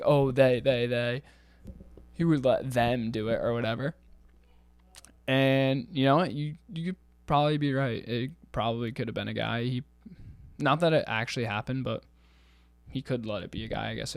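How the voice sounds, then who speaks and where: A man's voice: mid-range voice, vocal fry. A young man talks casually on his own show, reacting to comments in a blunt, profane way. His voice sits in a middle range. The sound is dry and close, with no room echo. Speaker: podcast host.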